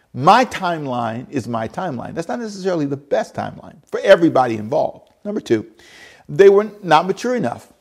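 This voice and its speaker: Male pastor, gravelly voice on the high side, animated sermon delivery with loud peaks and soft drops. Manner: animated preaching, rising to loud bursts and trailing to soft asides. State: out of breath.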